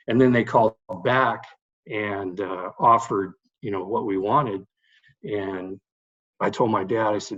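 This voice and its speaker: A man's voice: lowish voice, normal speed, dull audio. A middle-aged man, a baseball coach, telling anecdotes from his playing days in a casual podcast chat. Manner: animated anecdotes with fillers. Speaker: guest, baseball head coach.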